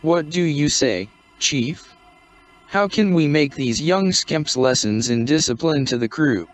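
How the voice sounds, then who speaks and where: A man voicing a gruff, stern ship's captain who speaks curtly and blusters at the boys in mock severity. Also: fairly high pitch, expressive, measured pace, faint music behind. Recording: dull, muffled lo-fi recording.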